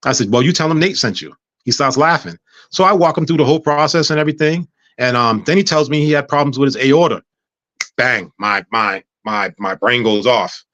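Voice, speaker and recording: A man telling a personal story in casual chat, animated, acting out dialogue with frequent stammers and restarts. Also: medium pitch, a little fast, dry recording, lo-fi sound. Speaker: guest.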